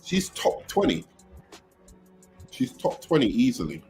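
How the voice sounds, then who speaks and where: A man's voice: mid-range voice, huge pitch swings, unhurried, a little mellow, faint music behind. A man in a casual group chat about TV, opinionated and insistent, digging in on his views.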